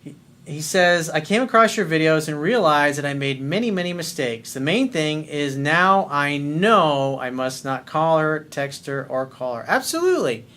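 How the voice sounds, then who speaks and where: A middle-aged man giving dating advice in a loose, unscripted monologue. His voice sits fairly high for a man, and he speaks bluntly with plenty of swearing and hard emphasis. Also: lively intonation, moderate pace, sharp tone. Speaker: dating coach.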